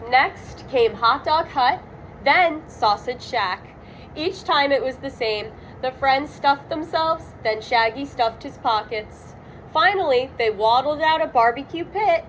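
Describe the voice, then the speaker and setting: A woman reading a children's storybook aloud, expressive and dramatic on the sound words. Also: high-pitched, slow pace, a little hiss or hum, poor audio. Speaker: storybook reader. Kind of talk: children's read-aloud narration.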